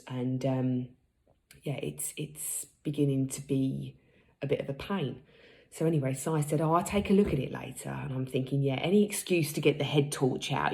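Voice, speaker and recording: A woman's voice: extremely low pitch, darkish tone. A woman in her thirties telling a frank, laughing story in a casual vlog, acting out what people said. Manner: chatty, frank and laughing, acts out quotes. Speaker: vlogger.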